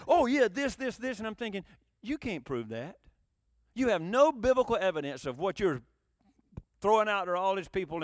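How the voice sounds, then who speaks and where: A man preaching a sermon, animated, moving between loud emphatic bursts and low quiet asides. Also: dry recording, studio quality.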